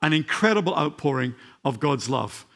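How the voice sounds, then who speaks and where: Older Scottish preacher, fervent and halting. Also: male voice, fairly high pitch, big pitch swings, fairly bright tone. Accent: faint Scottish. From Scotland. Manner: halting, many fillers, builds to fervent emphasis. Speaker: guest preacher. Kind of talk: sermon. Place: church.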